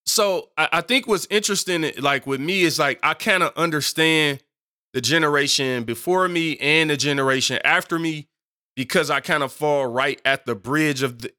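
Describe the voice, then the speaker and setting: Animated bright-voiced male preacher. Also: on the high side. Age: 30s. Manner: animated, conversational preaching with asides. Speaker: pastor. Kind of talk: sermon.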